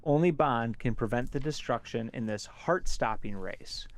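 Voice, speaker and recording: A man who is a podcast guest, reading a blurb aloud in a dry, deadpan way. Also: medium pitch, moderate pace.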